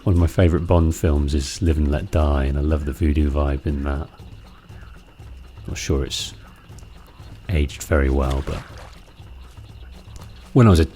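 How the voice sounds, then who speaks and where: A man's voice: extremely low pitch, fairly even intonation, measured pace, pauses often, mellow. A man hosting a let's play, chatting casually and musing aloud about what he sees in a game. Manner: musing, chatty, with fillers and restarts. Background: game music.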